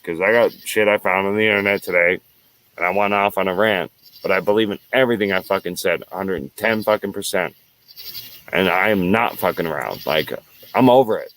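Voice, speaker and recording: On his own show, an American man with a voice on the low side and a slightly bright tone delivers an angry solo rant. It comes out heated, profane, and repetitive.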